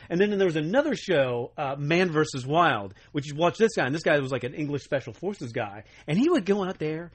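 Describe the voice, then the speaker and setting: A young adult man co-hosting a podcast in casual chat, telling animated stories and slipping into quoted voices. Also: a little high, brisk, hardly any pauses, husky. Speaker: podcast co-host.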